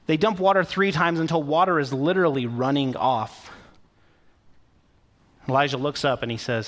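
A man's voice: a little high, fairly even intonation, normal speed, pauses often. A man preaching a sermon in a conversational, storytelling way, with occasional fillers. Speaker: pastor.

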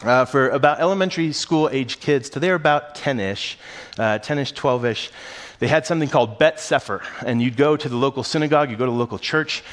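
A man, a pastor and father of three young boys, preaching a sermon in a casual, animated storytelling style. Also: medium pitch, brisk.

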